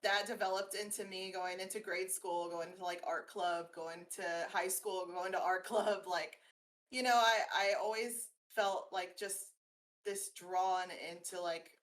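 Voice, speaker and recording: A woman's voice: mid-range voice, steady tone, unhurried, a bit bright. A woman artist being interviewed, chatting in a bubbly way with frequent laughter. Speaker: guest artist. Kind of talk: casual interview chat.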